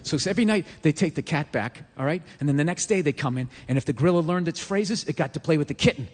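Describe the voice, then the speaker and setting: A middle-aged man doing stand-up comedy, ranting and profane, slipping into shouted character voices. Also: a little high, fast talker. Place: comedy club stage before a live audience. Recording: roomy hall with faint ambience.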